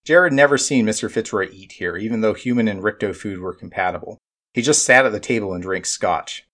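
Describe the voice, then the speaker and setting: A man narrating an audiobook in a measured, dry way. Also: lowish voice, fairly bright tone.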